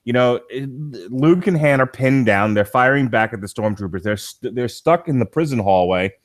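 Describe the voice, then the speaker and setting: Jokey podcast co-host quoting movies. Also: male voice, mid-range voice, animated, moderate pace. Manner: jokey, argues points with movie quotes. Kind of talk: casual podcast discussion.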